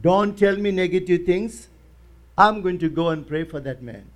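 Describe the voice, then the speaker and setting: A man's voice: high-pitched, moderate pace. A male pastor preaching in church, telling a story with acted quotes and emphatic rises. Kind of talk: sermon.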